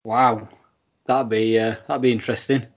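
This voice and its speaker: An Englishman with a mid-range voice co-hosts a relaxed podcast over a Skype call. He talks in an easygoing, stop-start way, restarts his sentences and laughs along with his partner. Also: mid-range voice, moderate pace, lo-fi sound. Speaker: podcast co-host. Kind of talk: casual chat.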